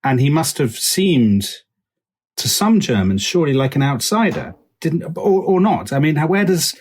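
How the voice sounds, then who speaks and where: A man's voice: a little high, big pitch swings, normal speed, darkish tone, husky. A man co-hosting a history podcast who eagerly jumps in with questions and apologizes for interrupting. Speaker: podcast co-host. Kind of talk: casual chat.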